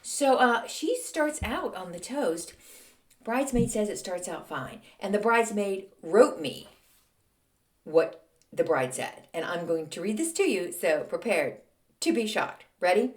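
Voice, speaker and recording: A woman's voice: mid-range voice, expressive, measured pace, darkish tone. A woman hosting a podcast, telling a story in a casual, chatty way with plenty of fillers. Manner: chatty, conversational, many fillers like "um" and "like". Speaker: podcast host.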